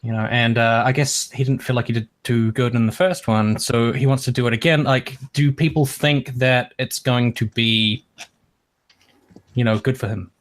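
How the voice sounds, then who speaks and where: A man's voice: medium pitch, fairly even intonation, moderate pace. A man on a livestream panel, chatting casually and steering the talk with questions.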